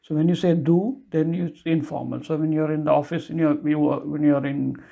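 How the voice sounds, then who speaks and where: A man giving a casual language lesson, explaining simple German phrases in loose, chatty English and slowly repeating each phrase for the listener. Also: on the high side, steady tone, gravelly, dark tone, lo-fi sound.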